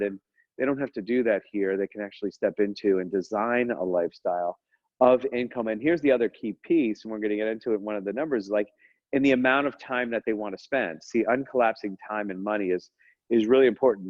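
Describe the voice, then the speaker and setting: A man hosting a casual podcast chat as a business coach, energetic and joking, often drifting into tangents. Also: on the low side, dry recording, highs cut off. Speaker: dental practice business coach, podcast host.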